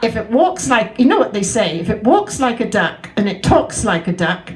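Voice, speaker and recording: An older woman tells jokes to a community crowd, chatty and quick to laugh at her own punchlines. Her voice sits a little high for a woman. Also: sing-song, low-quality recording. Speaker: joke teller at a talent show. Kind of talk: telling jokes on stage. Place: community event room.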